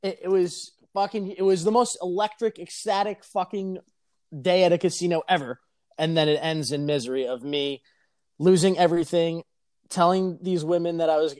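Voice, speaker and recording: A young man telling a casual, profane story on a podcast, animated and laughing as he talks. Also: high-pitched, normal speed, dry recording, clean studio sound. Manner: animated, swears constantly, laughs mid-sentence.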